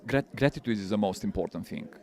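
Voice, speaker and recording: A man's voice: fairly low pitch, fast talker, darkish tone. Earnest man teaching. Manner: earnest, repeats words, non-native phrasing. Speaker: spiritual teacher. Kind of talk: interview answers.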